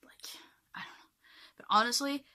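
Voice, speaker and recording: Young norwegian woman rambling to her camera, bright voice, lots of likes and ums. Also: moderate pace. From Norway. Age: young adult. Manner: chatty, rambling, frequent fillers. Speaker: vlogger. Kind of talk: casual chat to camera.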